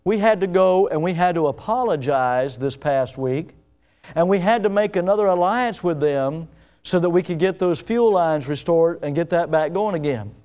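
A man preaching a sermon to his congregation. He is emphatic, rising to loud peaks and dropping to hushed asides, and often asks his listeners direct questions. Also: on the high side, animated, normal speed. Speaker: pastor.

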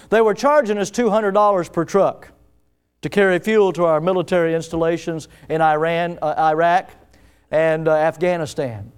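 A man preaches with a high, clear, ringing voice. He swings between loud, emphatic peaks and hushed asides, and he often turns to the congregation with direct questions. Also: moderate pace. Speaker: pastor. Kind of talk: sermon.

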